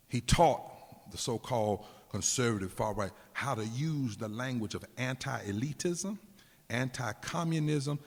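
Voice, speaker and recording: Preaching man in an echoing hall. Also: husky. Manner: emphatic preaching cadence, dropping low and slow for weight. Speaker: preacher and activist speaker. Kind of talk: preached political speech. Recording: long hall reverb.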